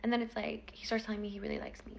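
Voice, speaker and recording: A woman's voice: on the high side, little pitch movement, racing, gravelly, a little mellow, a little hiss or hum. A woman in her twenties telling a personal story in a chatty, casual vlog style, full of fillers.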